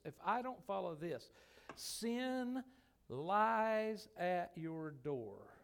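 Man, pastor, sermon, high voice, gravelly, folksy and emphatic, church. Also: a little mellow. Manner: folksy, emphatic preaching with many restarts. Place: church sanctuary.

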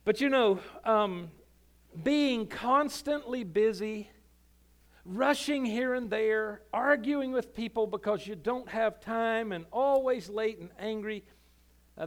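High-voiced folksy male pastor. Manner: folksy, conversational preaching. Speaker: senior pastor. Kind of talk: sermon.

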